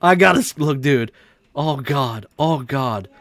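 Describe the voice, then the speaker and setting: A young man livestreaming a game, talking casually and excitably, laughing a lot and swearing freely. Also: medium pitch, unhurried, dry recording. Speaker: streamer. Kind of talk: casual live-stream reaction commentary.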